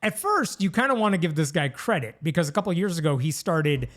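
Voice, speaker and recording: Animated male podcast host. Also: on the high side, fairly quick. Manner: conversational, animated storytelling. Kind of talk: casual chat.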